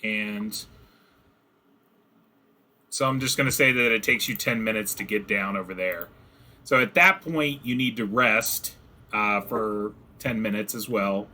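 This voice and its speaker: Man, game master, very bright tone, casual chatty narration, voice chat. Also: on the low side. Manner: casual, chatty, acts out goblin shouts. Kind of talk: narrating a tabletop game session.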